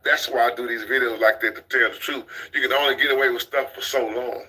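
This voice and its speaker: Man, blunt and preachy, very bright ringing tone, casual commentary. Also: mid-range voice, fairly even intonation, fast, poor audio. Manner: blunt, preachy, repeats himself. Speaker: commentary channel host.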